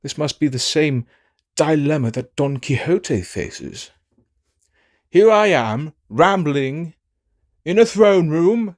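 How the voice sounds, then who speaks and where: A man plays a callous, flamboyant figure in an audio drama, drawling slowly with theatrical mockery. His voice sits a little high and swoops widely with each scornful remark. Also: a little mellow. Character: flamboyant, callous man musing among corpses.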